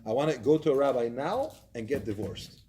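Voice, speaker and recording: A man voicing a shocked, angry wife in a story he tells, protesting in rising, rapid bursts. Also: mid-range voice, animated, warm tone, close to an everyday voice. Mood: firm. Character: shocked angry wife, middle-aged woman.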